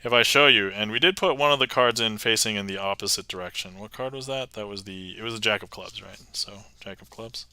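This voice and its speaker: A man hosts a live magic stream from a desk mic, chatting upbeat with viewers and thanking them one by one. His voice is strikingly bright and smooth, and the sound is dry with no room echo. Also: fairly low pitch, brisk, hardly any pauses. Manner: chatty and upbeat, reading chat aloud with thanks. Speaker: magician livestream host. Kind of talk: casual livestream chat.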